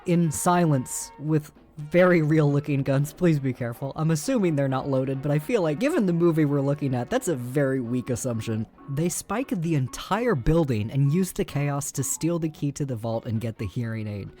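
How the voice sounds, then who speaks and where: A woman's voice: sits low, expressive, moderate pace, mellow. A woman talks through a bad movie with dry sarcasm and exasperation. Faint music plays under her commentary. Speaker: movie reviewer.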